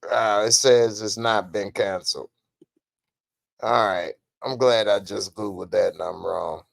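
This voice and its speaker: A man hosting a podcast in casual commentary, animated and slangy, laughing often. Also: lowish voice, a little slow, creaky, dry recording. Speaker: podcast host.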